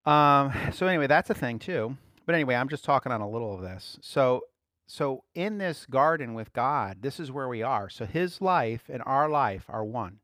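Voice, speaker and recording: A man giving conversational Bible teaching as a preacher, relaxed, laughing lightly and repeating key phrases. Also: mid-range voice, moderate pace, dry recording, clean studio sound.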